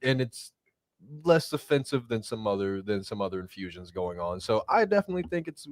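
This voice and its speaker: A laid-back man co-hosts with plain-spoken opinions in casual chat. His voice is fairly low, and the sound is dry and close. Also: very animated, fairly quick, no room sound. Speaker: co-host.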